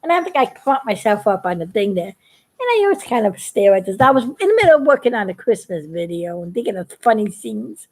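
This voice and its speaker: A woman's voice: medium pitch, sing-song, fairly quick. A woman chatting casually to her viewers, telling a story and laughing often. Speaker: YouTube cartoon maker.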